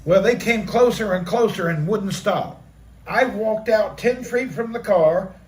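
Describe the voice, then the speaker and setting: With animated energy and vocal sound effects to act out the action, a middle-aged man relates a personal story on his live stream. His voice sits high, and he takes an unhurried pace.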